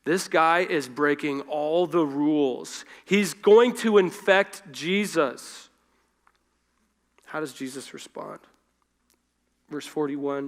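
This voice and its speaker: In a church, a male preacher delivers a loose, conversational sermon in a high-pitched, expressive voice at a slow pace. He's informal and corrects himself, swinging between loud, forceful emphasis and hushed asides.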